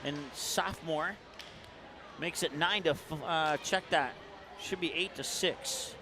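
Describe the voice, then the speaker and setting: A man with a high, Upper Midwest American voice calls a high school volleyball match play by play. His calls come quick and jump to a shout on the big points. The gym feed carries plenty of noise behind him. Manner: rapid calls that rise to shouts on big plays. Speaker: play-by-play announcer. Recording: noisy gym broadcast.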